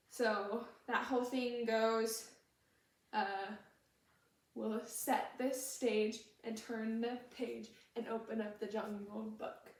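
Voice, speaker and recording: Patient young female dance instructor, mic far away, very roomy hall sound. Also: on the high side. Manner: patient, explains moves while demonstrating, sometimes hums the tune. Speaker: dance teacher. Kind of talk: teaching choreography step by step. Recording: echoey room, voice from far off the mic.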